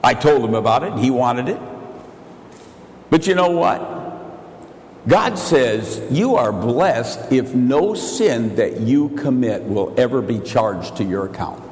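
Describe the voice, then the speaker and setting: An older male pastor preaching a sermon, swinging between shouted declarations and quiet, confiding asides. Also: mid-range voice, lively intonation, slow. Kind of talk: evangelical sermon. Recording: echoey church hall.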